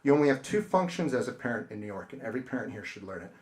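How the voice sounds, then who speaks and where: A man's voice: medium pitch, big pitch swings, very fast, a little mellow. A middle-aged man, an author, telling stories to an audience at a bookstore and acting out the people he quotes. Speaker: author giving a bookstore talk. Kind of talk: casual talk with audience Q&A. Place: bookstore event space.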